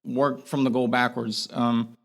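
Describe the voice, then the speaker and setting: A man's voice: mid-range voice, little pitch movement, measured pace, vocal fry. A young man as a podcast guest, talking earnestly and rambling in a candid interview, with lots of fillers and restarts.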